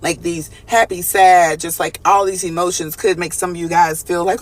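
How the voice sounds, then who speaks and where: A man's voice: high-pitched, level tone, normal speed. A man giving a live collective tarot reading in a casual, profane, chatty way, calling his viewers y'all and answering their chat comments. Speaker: tarot reader.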